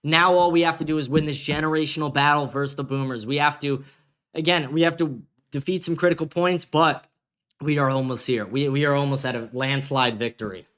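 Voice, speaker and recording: Bright-voiced man ranting on a livestream. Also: a little high, steady tone, a little fast. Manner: profane, combative ranting. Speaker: livestream host. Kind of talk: casual livestream rant.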